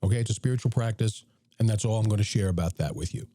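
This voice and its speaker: Podcast host, male, hoarse and raspy after a cold, mellow tone, dry close sound. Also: quick pace, no echo. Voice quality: deep, raspy. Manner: chatty, blunt, self-promoting. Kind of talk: casual livestream talk.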